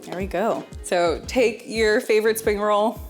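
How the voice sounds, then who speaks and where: A woman's voice: mid-range voice, a little slow, soft background music. Woman, young adult, home cooking host, chatty, friendly, talks to the viewer. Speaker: home cook hosting a cooking video. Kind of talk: casual cooking demonstration.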